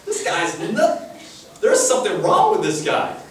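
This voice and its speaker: A preacher acting out a man in a crowd who loudly mocks and taunts someone, his voice echoing through a hall from some distance. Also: high voice, wildly swooping pitch, unhurried, slight background noise, pitched above the performer's own voice, heavily acted. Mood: jeering. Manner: loud, taunting, laughing. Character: jeering man in a mocking crowd. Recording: echoey hall from far off.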